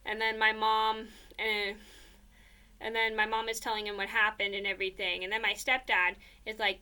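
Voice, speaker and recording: A woman's voice: medium pitch, level tone, moderate pace, pushed and bright, clear, resonant tone. A young woman casually telling a personal story, rambling with many fillers and repeated "blah, blah, blah.".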